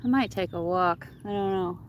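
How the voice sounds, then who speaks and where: A woman's voice: on the low side, normal speed, lo-fi sound, a little hiss or hum. Chatty woman streaming from her yard. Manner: rambling, many fillers, coos to her dogs. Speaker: livestream host. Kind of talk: casual chat with viewers.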